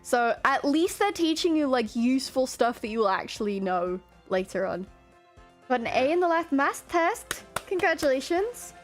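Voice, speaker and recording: Young woman streamer host, chatty, reads chat out, slightly high voice, faint music behind. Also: sing-song, normal speed. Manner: chatty, greets viewers and reads chat aloud. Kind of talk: casual live-stream chat.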